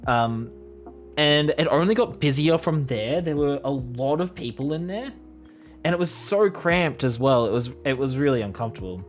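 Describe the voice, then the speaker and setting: A woman's voice: a bass voice, lively intonation, moderate pace, soft background music. A young adult woman casually telling a rambling personal story to her vlog audience. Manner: chatty, rambling with fillers. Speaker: vlogger.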